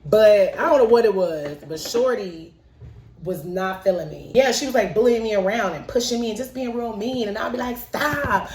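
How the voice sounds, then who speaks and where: A woman's voice: mid-range voice, fairly quick, reverberant, far from the mic, a little hiss or hum. Playful woman telling stories. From Chicago, South Side. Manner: playful, lively, acts out voices and laughs often. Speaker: show creator telling a childhood story. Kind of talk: personal storytelling to camera.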